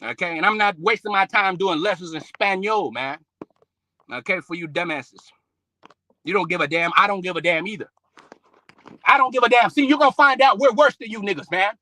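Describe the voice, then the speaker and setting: A man's voice: high-pitched, fairly quick, pushed and bright, poor audio. A man preaching a heated, profane religious rant, scolding his listeners and quoting scripture between outbursts. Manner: scolding, peppered with "man" and "bro".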